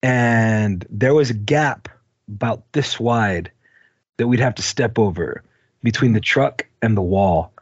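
A man's voice: lowish voice, takes it slowly, husky, no room sound, lo-fi sound. A man co-hosting a podcast, casually telling a long story, rambling, swearing and laughing along. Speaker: podcast co-host.

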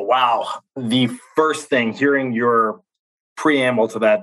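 Man, 40s, astronaut guest, reflective, candid, bright tone. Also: medium pitch, rough recording. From United States. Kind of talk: conversational interview.

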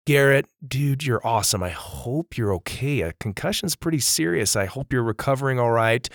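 A man hosting a children's story podcast, chatting casually and warmly to young listeners, upbeat and friendly, calling them dude and bud. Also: on the low side, dry recording, studio quality. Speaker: podcast host.

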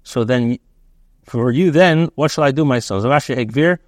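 A man teaching as a rabbi, a text aloud and translating it line by line in a halting way, with many restarts and fillers. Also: medium pitch, no echo, studio quality.

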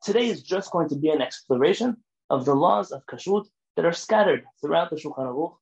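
A man with a fairly high voice gives a rabbi's lecture full of stories. He speaks in an animated, emphatic way and sometimes pushes close to a shout. The recording is dull and lo-fi. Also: a little fast, vocal fry. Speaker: rabbi teaching a class. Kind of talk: lecture with storytelling.

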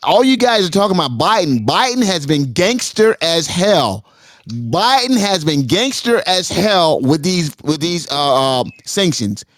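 Rambling man with a slightly high voice. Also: big pitch swings, unhurried, a bit bright, no room sound, studio quality. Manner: rambling with many fillers, grows emphatic. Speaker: panel guest. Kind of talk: casual panel discussion.

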